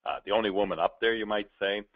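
A man's voice: fairly low pitch, steady tone, quick pace. A man, a professional speaker, giving a playful, interactive storytelling presentation and addressing his audience directly. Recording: tinny narrow-band recording.

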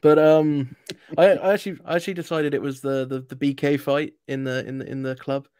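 A man's voice: a little high, steady tone, fairly quick, darkish tone, clean tone, no room sound. A British man as a guest on a casual livestream chat, hesitant at first, with a dry sense of humor. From Britain.

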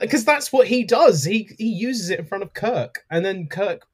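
A man with a somewhat husky, fairly high voice chats on a podcast. He talks animatedly and acts out imagined scenes as he goes. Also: lively intonation, moderate pace. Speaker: podcast co-host. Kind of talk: casual chat.

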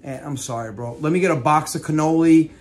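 A man's voice: a little high, brisk, darkish tone. A man performing a casual comedy sketch, often exasperated.

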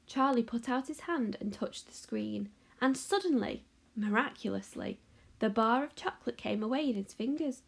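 A woman teacher reading a children's novel aloud in an expressive, animated way. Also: on the high side, normal speed, gravelly, husky. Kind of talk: storybook read-aloud.

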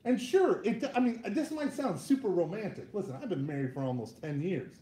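Animated high-voiced man in an echoey room. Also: brisk. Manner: animated, joking asides, frequent "right?". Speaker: Catholic speaker. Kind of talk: lively talk to a live audience.

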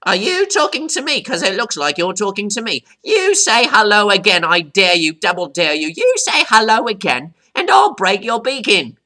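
A man voicing a cocky, hot-tempered male pet parrot who teaches vocabulary, boasting and stopping to define words, with squawky high jumps on "right?". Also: wildly swooping pitch, moderate pace, few pauses, sharp tone, full character voice. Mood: boastful. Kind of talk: scripted vocabulary lesson.

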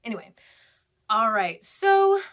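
A woman's voice: a little high, sing-song, slow, a bit bright. A woman in her thirties giving a recorded class lecture, chatty and rambling, with fillers, laughs and quoted voices. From California, US. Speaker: instructor.

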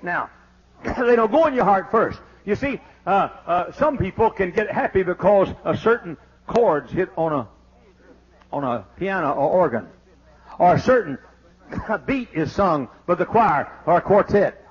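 Man preaching, high husky voice, fiery sermon, dull old tape sound. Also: animated, a little slow. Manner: exclaiming, shouting praise. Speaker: pastor.

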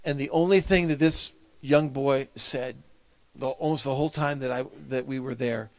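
Male pastor preaching, heartfelt storytelling, middle pitch, dry close sound. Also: steady tone, normal speed, no room sound. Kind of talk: sermon with a personal story.

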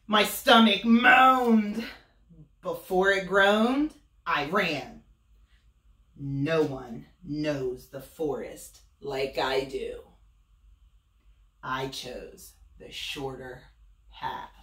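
Slow, bright-voiced teacher reading aloud. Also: female voice, very deep voice. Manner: expressive, pausing to ask the children questions. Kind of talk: storybook read-aloud for students. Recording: roomy, from a distance.

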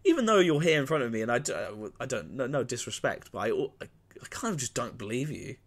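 A young man hosting a mock radio interview, deadpan and halting with lots of restarts. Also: mid-range voice, breathy edge. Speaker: interviewer host.

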